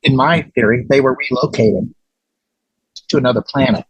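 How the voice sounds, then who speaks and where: A man telling a story as a guest in a casual interview, animated and excitable, with many restarts. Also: mid-range voice, normal speed, breathy edge, no room sound, low-quality recording.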